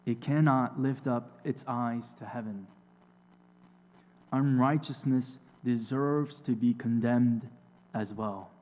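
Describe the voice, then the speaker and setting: A man preaching a sermon, slow and deliberate, with emphatic repetitions and rhetorical questions. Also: medium pitch, a little mellow. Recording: long hall reverb.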